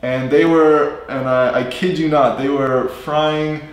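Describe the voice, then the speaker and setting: Brief: American male co-host, lively casual storyteller, slightly high voice, very reverberant room. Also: slow pace. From United States. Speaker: English teacher, live stream co-host. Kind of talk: casual live-stream chat and storytelling. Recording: very echoey room.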